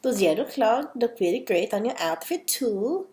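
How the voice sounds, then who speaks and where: A woman's voice: high-pitched, big pitch swings, a little slow, a little mellow, pitched above the performer's own voice. A woman voicing a sweet, doting mother in a children's story. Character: warm doting Dutch mother.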